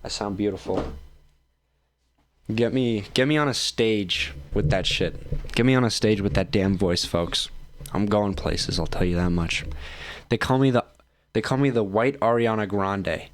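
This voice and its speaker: Tired man rambling through casual commentary. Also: on the low side. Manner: joking, self-mocking, loose. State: tired, yawning. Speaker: streamer host reacting to videos.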